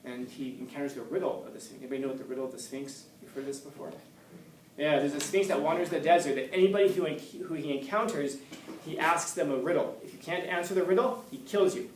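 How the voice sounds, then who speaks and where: A man retells an old tale to a class, slipping into the characters' voices and joking along the way. His voice is a little high and sits at a distance from the mic. The classroom is roomy and echoes around him. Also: fast talker, slight background noise. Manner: storytelling, acting out characters, joking with students. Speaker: teacher. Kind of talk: casual classroom lecture. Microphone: distant room mic. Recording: echoey classroom recorded from far off.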